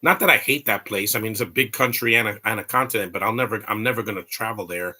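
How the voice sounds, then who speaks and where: A man's voice: on the low side, quick pace, bright, forceful tone. A man hosting a casual live movie commentary, rambling and opinionated with blunt asides.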